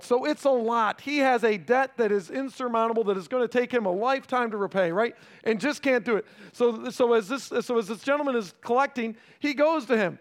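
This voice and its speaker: High-voiced man preaching a sermon. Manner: conversational preaching, keeps checking in with "right?"; swings between raised emphasis and hushed, slowed delivery. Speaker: pastor.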